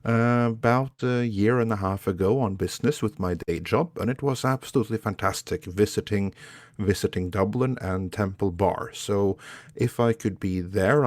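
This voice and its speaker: A man joins a livestream as a guest and chats easily with the host. His voice sits very low and has a gravelly edge. His mic sounds dry and close. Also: dry recording. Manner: relaxed, chatty, occasional fillers. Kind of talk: casual livestream chat.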